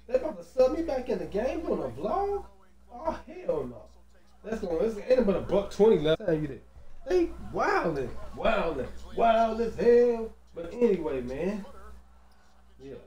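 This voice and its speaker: Slangy, excitable gaming commentator man. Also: high voice, a little slow, roomy sound, lo-fi sound. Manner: loose, slangy and excitable, with "you dig" and "man" fillers. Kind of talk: casual gameplay commentary.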